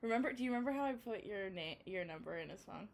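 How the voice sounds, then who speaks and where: A woman's voice: mid-range voice, lively intonation, fast, vocal fry. A young woman from Canada co-hosting a podcast, telling a story in casual chat, playful and swearing freely. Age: young adult. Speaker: podcast co-host.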